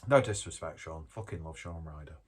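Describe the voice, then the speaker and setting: A deep, husky-voiced man talks through a beer tasting in loose, rambling chat. He cracks self-deprecating jokes and swears casually as he goes. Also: lively intonation, a little fast. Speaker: beer reviewer.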